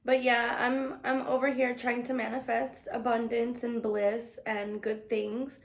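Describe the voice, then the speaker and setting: A woman's voice: fairly high pitch, little pitch movement, a little slow. A woman vlogger chatting casually while getting ready, slangy and profane, laughing often. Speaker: beauty vlogger. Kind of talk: casual get-ready-with-me chat.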